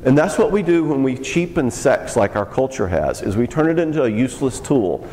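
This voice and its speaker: Male teacher, frank and wry, mid-pitched, in a hall with long reverb. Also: sing-song, warm tone, slight background noise. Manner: frank, joking, quick asides. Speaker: speaker teaching youth workers. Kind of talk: casual teaching talk.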